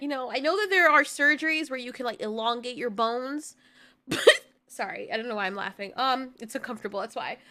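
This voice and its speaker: Young woman vlogger, bright high voice, chatty animated commentary to camera. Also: a little fast. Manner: animated, laughs uneasily, talks to viewers.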